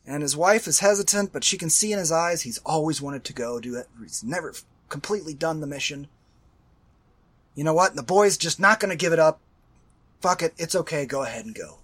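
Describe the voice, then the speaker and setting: A high-pitched man recaps a film in a casual podcast chat, then rants, swears and yells about it. He talks over a headset on a call, and his voice is going hoarse. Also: expressive, brisk. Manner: ranting, profane, shouts when angry. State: losing his voice. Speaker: podcast co-host. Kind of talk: casual movie-review chat. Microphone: headset over a video call.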